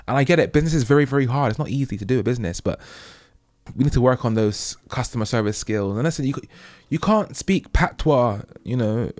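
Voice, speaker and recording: A man's voice: expressive, fairly quick, no room sound, studio quality. Emphatic British man holding forth. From United Kingdom. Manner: emphatic, preachy, repeats "okay?" often; rising to loud high emphasis on key points. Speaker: host. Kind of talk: opinionated monologue.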